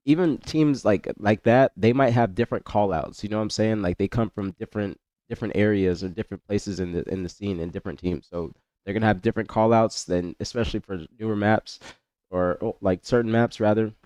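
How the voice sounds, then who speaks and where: A man's voice: lowish voice, darkish tone, no echo. A young man with a congested voice, chatting loosely with his stream chat, greeting viewers by name and often repeating himself. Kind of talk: casual livestream chat.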